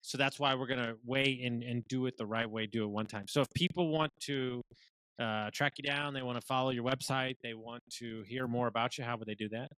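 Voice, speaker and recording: A man's voice: medium pitch, steady tone, a little fast, a bit bright, clear, resonant tone, no room sound, rough recording. A man hosting a podcast, chatting casually and affirming his guest, often restarting his sentences. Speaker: podcast host. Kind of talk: casual interview chat.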